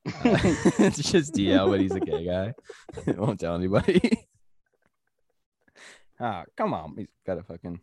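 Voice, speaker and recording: A man's voice: low-pitched, huge pitch swings, measured pace, pauses often, a crowd in the background. A man hosting a comedy podcast, joking and laughing often, restarting his sentences. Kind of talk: casual comedy podcast chat.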